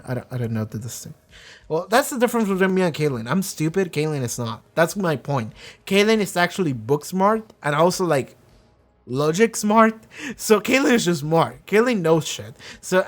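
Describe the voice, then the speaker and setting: Higher-voiced man rambling about a show. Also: big pitch swings, moderate pace. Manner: rambling, profane, acts out characters' lines. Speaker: reaction video host. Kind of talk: casual reaction commentary.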